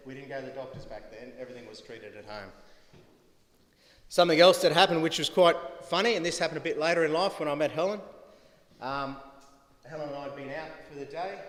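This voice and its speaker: A man's voice: a little high, fairly bright tone. A middle-aged man with an anecdotal, storytelling manner, giving a eulogy for his mother at a funeral. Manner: storytelling, chuckling at his own stories. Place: funeral venue hall. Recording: echoey livestreamed hall.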